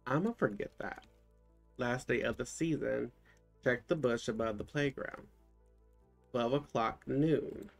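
A man's voice: mid-range voice, moderate pace, gravelly. A man casually commentating his own gameplay, thinking aloud and exclaiming at what he finds. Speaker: gaming channel host. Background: game music.

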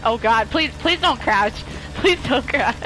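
A woman giving live gaming commentary while playing with friends, excitable and panicky, laughing often. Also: fairly high pitch, takes it slowly, rough recording. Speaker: gamer streaming with friends.

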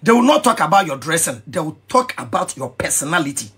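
A Ghanaian man ranting in an animated vlog commentary, excitable and mixing pidgin with Twi. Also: on the high side, quick pace, husky. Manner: excitable, switching between pidgin and Twi, shouting and laughing. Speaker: vlogger.

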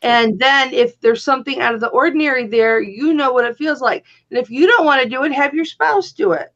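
A woman's voice: high-pitched, brisk, fairly bright tone. A woman hosting a casual live stream, talking bluntly and teasing her co-hosts. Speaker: host. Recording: dull lo-fi stream audio.

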